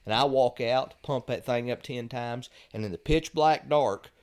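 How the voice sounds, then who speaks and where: A middle-aged man, telling lively stories as a podcast guest and chuckling at the punchlines. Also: mid-range voice, unhurried. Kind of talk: casual storytelling.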